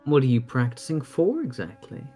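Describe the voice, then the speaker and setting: A man's voice: mid-range voice, big pitch swings, moderate pace, dark tone, faint music behind, natural voice. A man voicing a polite, curious female adventurer who speaks formally. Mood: courteous.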